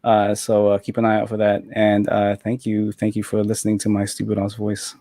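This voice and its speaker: A man's voice: lowish voice, monotone, brisk, dark tone, dry recording. A young man on a panel call, talking casually and rambling with many fillers and restarts.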